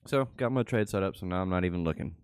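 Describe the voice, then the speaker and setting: A man's voice: low-pitched, fast, clean tone, no echo. A man hosting a channel, casually talking through his trades live and muttering offhand remarks to himself. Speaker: channel host and crypto trader. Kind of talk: casual live commentary while trading.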